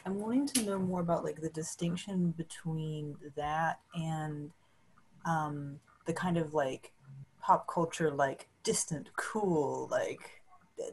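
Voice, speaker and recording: A woman's voice: fairly low pitch, darkish tone, slightly rough, low-quality recording. A woman on a video call tentatively asking a meditation question, thinking aloud as she goes.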